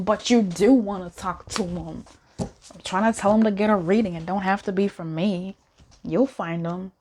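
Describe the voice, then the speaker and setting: A woman's voice: mid-range voice, steady tone, measured pace, noisy background. A woman giving a casual pick-a-card tarot reading in a playful, chatty way, joking aloud with spirit as she goes.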